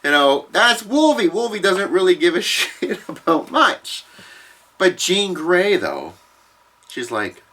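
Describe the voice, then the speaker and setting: A man casually retelling a comic storyline, profane and animated, acting out what the characters say. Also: high-pitched, takes it slowly. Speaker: comics explainer.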